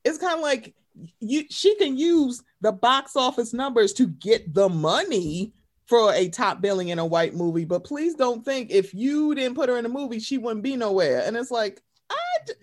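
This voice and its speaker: Woman, casual chat co-host, emphatic profane rant, lively swooping pitch, higher voice. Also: normal speed. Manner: animated, profane, emphatic ranting with quoted voices. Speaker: podcast co-host.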